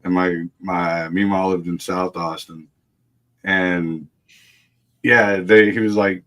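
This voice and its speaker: A man's voice: deep voice, little pitch movement, normal speed, a bit bright. A man telling a wild family story in casual chat, laughing often, swearing freely and mimicking the people he quotes. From Texas. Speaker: guest storyteller.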